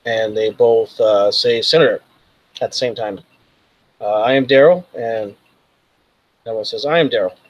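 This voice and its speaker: A man's voice: medium pitch, moderate pace, pauses often, dry recording, dull audio. A man narrating as game master, loosely and with many fillers. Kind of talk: narrating a tabletop role-playing game.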